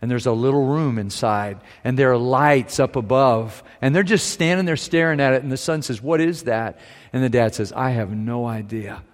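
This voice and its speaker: A pastor preaching a sermon, telling stories with humor and shifting his pace and volume. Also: medium pitch. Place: church sanctuary. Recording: long reverb of a large sanctuary.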